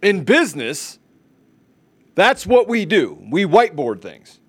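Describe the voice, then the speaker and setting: A man with a somewhat high voice hosts a podcast interview. He is animated and lively. He laughs often with his guest. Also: unhurried. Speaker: podcast host.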